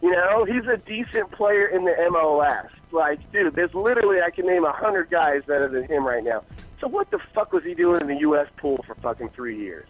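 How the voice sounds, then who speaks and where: A man's voice: a little high, fairly quick, faint music behind, rough recording. A man calling in to a fan show, ranting about soccer coaching with heavy swearing and mocking asides. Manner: profane, animated ranting with mocking quoted voices. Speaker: caller. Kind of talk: casual sports rant.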